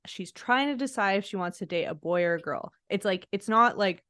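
A woman's voice: mid-range voice, lively intonation, fairly quick, a bit bright, dry recording, studio quality. A woman co-hosting a podcast, chatting casually and laughing often as she acts out quotes. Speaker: podcast co-host. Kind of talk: casual recap chat.

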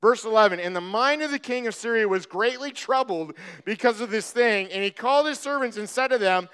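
A man preaching a sermon, retelling a scripture story with animated, acted-out voices. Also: high-pitched, brisk, few pauses, clean tone. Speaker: pastor.

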